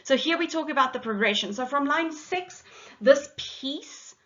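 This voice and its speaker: A woman teacher with a South African accent explains a poem line by line in a patient lesson, reading lines aloud and pausing on frequent ums. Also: high-pitched, lively intonation, sharp tone, highs cut off.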